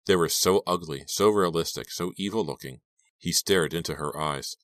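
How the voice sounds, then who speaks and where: A man narrating an audiobook in an even, steady storytelling voice. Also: deep voice, moderate pace, no room sound.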